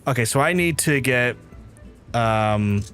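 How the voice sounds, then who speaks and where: Casual game streamer, Belfast man, middle-pitched, cheeky and sweary, light music behind. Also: lively intonation, takes it slowly, fairly bright tone. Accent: Belfast, softened. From Northern Ireland. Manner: rambling, swearing, teasing. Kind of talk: casual live-stream chat while playing.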